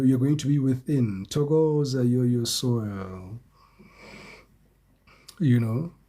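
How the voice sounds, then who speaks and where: Guy doing a live tarot stream, slow and soothing, kinda husky voice, keeps repeating himself. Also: mid-range voice, mellow. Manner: slow, soothing, repeats phrases, thanks viewers by name. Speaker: tarot reader.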